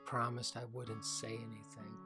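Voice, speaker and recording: A man's voice: mid-range voice, monotone, normal speed, over music, close to an everyday voice. A man voicing a nervous, hesitant young boy in a children's audiobook. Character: worried young boy confiding in his parents.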